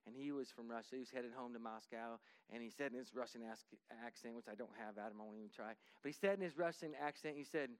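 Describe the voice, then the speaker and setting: A man telling a story in a conversational way, lively and full of restarts and repetitions, often dropping his voice to act out what people said. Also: mid-range voice, fast talker, few pauses, clear, resonant tone, no echo. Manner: lively, acts out dialogue, drops to a hushed voice for quotes.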